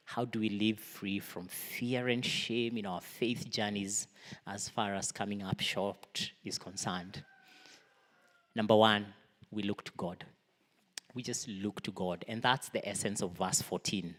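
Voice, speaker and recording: Low-voiced male preacher in a reverberant hall. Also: fairly even intonation, measured pace. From Kenya. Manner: earnest, swings between raised emphasis and soft near-whispers. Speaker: pastor. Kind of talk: sermon. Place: church hall. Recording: long reverb of a large hall.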